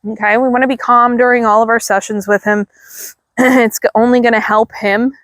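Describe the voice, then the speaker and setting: A woman dog trainer outdoors calmly explaining leash work, breaking into high, drawn-out praise for the dog. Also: no echo. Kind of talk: instructional dog training demo.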